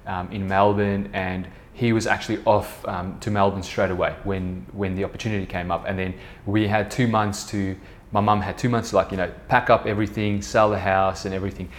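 A man's voice: low voice, level tone, fairly quick, a little hiss or hum. A man in his thirties from South Africa with an Afrikaans accent, talking casually and rambling with many fillers on his own podcast. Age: 30s. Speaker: podcast host, business co-founder. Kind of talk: casual solo podcast talk.

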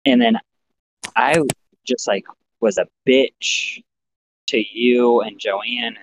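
A man co-hosting a podcast, chatting casually and swearing, animated. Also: slow. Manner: animated, swearing, mimics others in a higher voice. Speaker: podcast co-host. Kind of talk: casual chat. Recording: dull lo-fi sound with faint noise.

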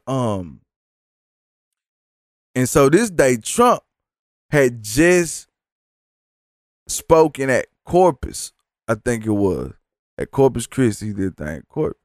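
A man rants through a casual story, profane and exasperated, his thoughts rambling. His voice sits at an everyday middle pitch, and the sound is dry and close. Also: no room sound.

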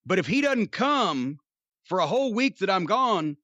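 A man's voice: sits high, normal speed, dry recording, dull audio, heavily acted. A man voicing an older male wrestler who gives insistent, repetitive orders with a straight face. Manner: insistent, repetitive, deadpan-serious.

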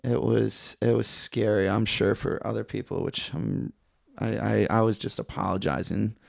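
A man's voice: on the low side, steady tone, normal speed, gravelly, darkish tone, no room sound, clean studio sound. A young man from Michigan, a podcast guest telling a story in a laid-back, rambling way, swearing a lot. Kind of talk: casual chat.

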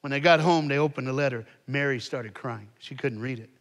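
A man preaching as a guest speaker, telling a story dramatically and dropping soft for the sad parts. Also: mid-range voice, a little fast. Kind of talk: storytelling sermon. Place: large church hall. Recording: long hall reverb.

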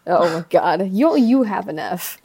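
A woman co-hosting a podcast, running a playful quiz in casual chat, dropping quieter in asides. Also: medium pitch, expressive, measured pace, creaky, breathy edge. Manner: playful, drifts quieter in asides, sings lines for effect.

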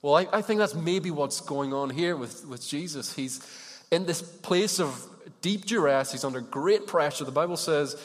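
A man's voice: on the high side, moderate pace. A man preaching a sermon in a conversational way, putting questions to the congregation. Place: church hall with congregation. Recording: long reverb of a large hall.

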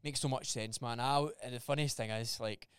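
A young man co-hosting a podcast, chatting in a sweary, excitable way. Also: medium pitch, fairly quick, clear, resonant tone, dry recording, studio quality. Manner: sweary, excitable, animated retellings. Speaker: podcast co-host. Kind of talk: casual chat.

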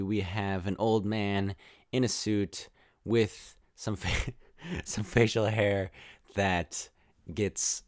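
A young man hosting a podcast, rambling through a casual spoiler-filled film review with exasperated, animated rants. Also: sits low, clear, resonant tone, no echo, clean studio sound.

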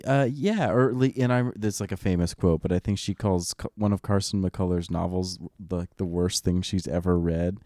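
Man, very deep voice, warm tone, animated casual book chat. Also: no room sound, clean studio sound. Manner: animated, knowledgeable, filler-heavy. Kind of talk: casual book club discussion.

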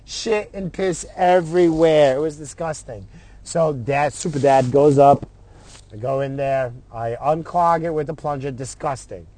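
A man's voice: fairly high pitch, unhurried, mellow. A middle-aged man telling a story in a casual, profane way, acting out what other people said in his own voice.

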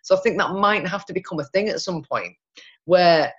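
A woman's voice: fairly low pitch, normal speed, highs cut off. A woman from Yorkshire with a Yorkshire accent, chatting casually as a guest and laughing often. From Yorkshire, England. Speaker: guest, recruitment body representative. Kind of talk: casual conversation.

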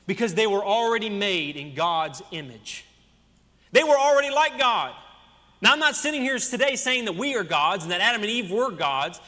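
A man's voice: high voice, pushed and bright. A man preaching a sermon as senior pastor, asking the congregation one rhetorical question after another. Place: church sanctuary. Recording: long church hall reverb.

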